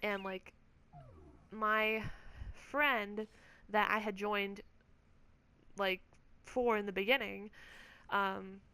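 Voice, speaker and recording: A woman's voice: medium pitch, fairly even intonation, extremely slow, pauses often, sharp tone, clean tone, no echo. A woman gamer vlogger telling a story in a casual, rambling rant, swearing often and filling her speech with "like". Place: at home.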